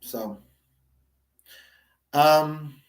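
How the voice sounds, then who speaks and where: A man's voice: fairly high pitch, very slow. A man talking through his thoughts in a casual, meandering, hesitant monologue. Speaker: vlogger, spiritual channeler. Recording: roomy, distant mic.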